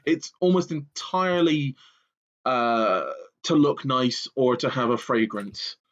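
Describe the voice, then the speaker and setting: A man's voice: medium pitch, takes it slowly, lo-fi sound. A British man from Bristol hosting a podcast, chatting and arguing playfully. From Bristol, England. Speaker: podcast host.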